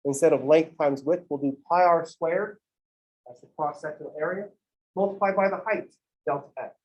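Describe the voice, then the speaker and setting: A man's voice: fairly high pitch, moderate pace, lo-fi sound. A man teaching a math class in a conversational lecture style, with playful digressions.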